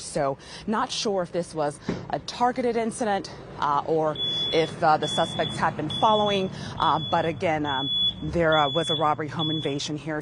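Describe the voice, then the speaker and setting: Female field reporter, deep voice, live stand-up, hesitant delivery with fillers. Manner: halting, many fillers. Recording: faint background noise.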